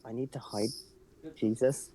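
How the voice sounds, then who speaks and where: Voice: medium pitch, fairly even intonation, a little slow, mellow, slight background noise. A player in a tabletop game, speaking hesitantly with many filler sounds. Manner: hesitant, lots of ums. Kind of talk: casual tabletop play.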